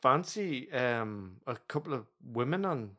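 A man's voice: mid-range voice, animated, unhurried, bright, forceful tone. Male podcast co-host, casual rambling banter, teasing and sweary.

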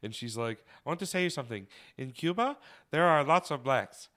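A man co-hosting a podcast, telling stories in a casual, animated way, swearing and laughing as he goes. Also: medium pitch, a little fast. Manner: animated, swears often, laughs mid-story. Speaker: podcast co-host. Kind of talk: casual storytelling chat.

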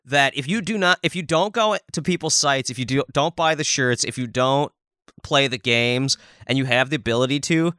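A man's voice: mid-range voice, normal speed, sharp tone, smooth, no room sound, clean studio sound. A man co-hosting a podcast, rambling and joking crudely in casual chat. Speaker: podcast co-host.

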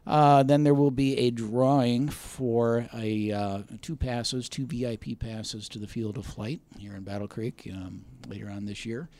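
A man's voice: medium pitch, steady tone, measured pace, hardly any pauses, mellow, no room sound. Hesitant man with lots of fillers. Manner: hesitant, many fillers, jokey. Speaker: arts center guest. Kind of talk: casual radio talk.

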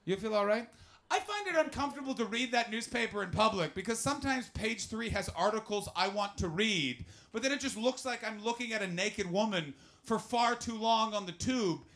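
A man doing stand-up comedy and chatting with the crowd. His delivery is animated and full of swearing, and he swings between shouting and muttering. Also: high voice, normal speed. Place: live comedy venue with audience.

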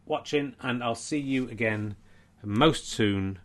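A hushed rambling male comedian. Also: mid-range voice, slow pace. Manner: rambling, mock-pleading, often hushed and quiet. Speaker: comedian hosting a charity livestream. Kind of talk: late-night comic livestream chat.

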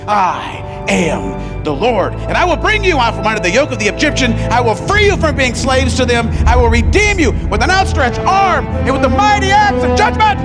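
A man voicing a mighty, commanding God, reading scripture in a booming, declamatory way. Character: mighty proclaiming God, male, ancient and commanding. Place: church auditorium.

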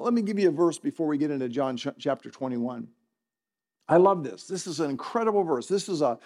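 Middle-aged male pastor with a high voice; conversational preacher who chuckles and quizzes his church. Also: darkish tone. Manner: conversational, asks the congregation questions, chuckles often. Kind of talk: sermon. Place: church in front of a congregation.

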